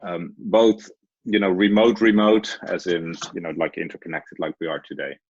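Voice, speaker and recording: A man's voice: low-pitched, normal speed, a little mellow, slightly rough, no room sound. A man who coaches remote workers, introducing himself hesitantly on a webinar panel over a video call. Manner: hesitant, searching for words. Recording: dull dry lo-fi call audio.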